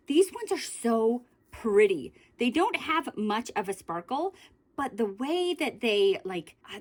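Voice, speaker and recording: A woman in a casual beauty vlog, chatting in a rambling way about her lip glosses and correcting herself as she goes. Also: fairly high pitch. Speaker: beauty vlogger. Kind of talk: casual makeup declutter vlog.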